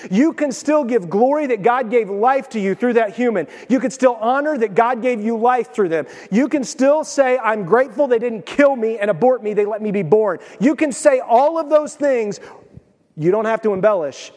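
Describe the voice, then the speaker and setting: Excitable midwestern pastor guy preaching, kinda high voice, echoey sanctuary. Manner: animated, excitable preaching with sudden swings in loudness. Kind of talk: sermon. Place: church sanctuary. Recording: long reverb of a church hall.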